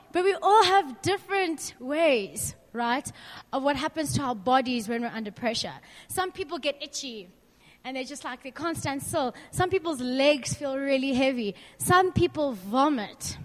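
A young woman with a high, bright-pitched voice talks to a group about faith in a chatty, candid way. She keeps asking the room questions and draws on her own stories. Her voice rings out with a long reverb, as if in a large hall. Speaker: youth speaker. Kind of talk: informal faith talk to a group.

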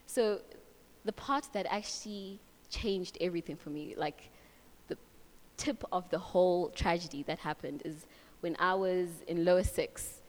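A woman's voice: lowish voice, a little slow, darkish tone. A young woman from Africa giving a casual, heartfelt Bible reflection and personal testimony, with many fillers like "like" and "so". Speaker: speaker sharing a testimony. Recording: long hall reverb.

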